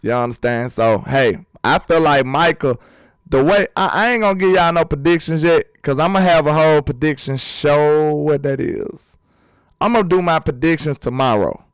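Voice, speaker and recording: A man hosting a casual sports talk vlog, animated and emphatic, full of rhetorical questions. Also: a little high, normal speed, clean tone, no echo. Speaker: sports channel host.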